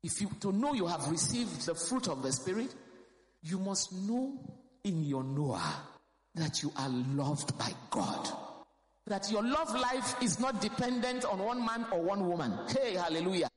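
A woman's voice: mid-range voice, expressive, a little slow. A woman pastor, preaching a sermon fervently and emphatically, repeating key phrases. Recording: roomy hall with long reverb.

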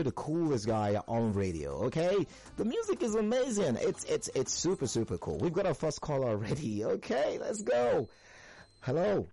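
A man's voice: on the high side, warm tone, dry recording. A young man hosting a radio call-in show, hyped and playful, laughing often. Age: young adult. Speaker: radio host.

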